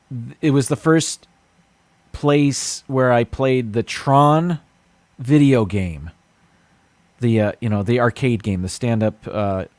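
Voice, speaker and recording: A man's voice: mid-range voice, no room sound. A man hosting a casual solo livestream, rambling and hesitant with many fillers. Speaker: livestream host.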